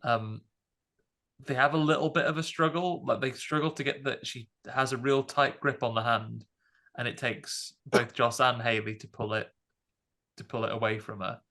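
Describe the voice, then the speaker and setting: Male co-host, gravelly and bright, animated film recap. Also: medium pitch, moderate pace. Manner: animated, explains scenes in detail. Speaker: podcast co-host. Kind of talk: casual film discussion.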